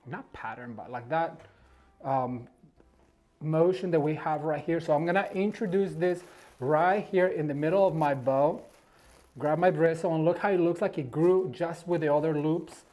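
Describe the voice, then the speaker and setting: A man's voice: a little high, moderate pace, warm tone. Effusive male decor host, chatty and encouraging, demonstrating at home. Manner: effusive, encouraging, gushes over the materials. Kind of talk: casual how-to demonstration. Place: at home beside a Christmas tree.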